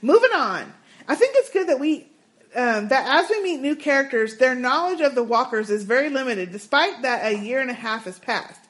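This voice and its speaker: A woman co-hosting a casual podcast, reading listener emails with sassy, animated asides. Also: sits high, moderate pace. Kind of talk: casual chat.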